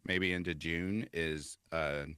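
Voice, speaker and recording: A man's voice: low voice, steady tone, slow, fairly bright tone, clear, resonant tone, dry recording, studio quality. A man co-hosting a livestream, easygoing as he greets viewers and explains the segment. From United States. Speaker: co-host of a livestream. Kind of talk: casual chat.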